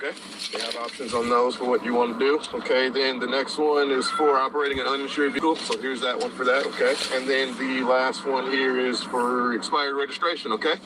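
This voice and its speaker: A man's voice: mid-range voice, flat delivery, fairly quick. A man working as a police officer, firmly and methodically giving instructions at a roadside traffic stop, recorded on a body-worn camera. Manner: firm, procedural, repetitive. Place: roadside outdoors. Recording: bodycam audio with street noise. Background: traffic and outdoor ambience.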